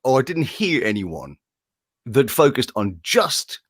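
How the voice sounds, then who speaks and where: Animated male guest who breaks into quick voice impressions, pitch swinging widely. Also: slightly rough, dry recording, clean studio sound. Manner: animated, jumps into impressions, laughs often. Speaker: voice-over artist guest. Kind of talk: casual interview storytelling.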